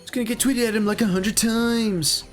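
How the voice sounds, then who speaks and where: A man's voice: high-pitched, fairly even intonation, moderate pace, soft background music. A man streaming a video game, rambling through crude jokes in casual commentary.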